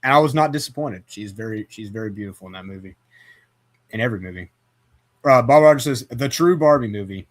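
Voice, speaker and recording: A man's voice: on the low side, lively intonation, fast talker. A man hosting a casual movie chat, rambling with lots of fillers and restarts. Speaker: podcast host.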